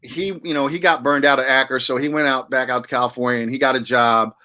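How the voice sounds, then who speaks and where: A man's voice: mid-range voice, fairly even intonation, fast talker, bright, forceful tone. A man telling stories in a casual interview, full of restarts and fillers. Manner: rambling, many restarts and fillers. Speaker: wine auctioneer and guest.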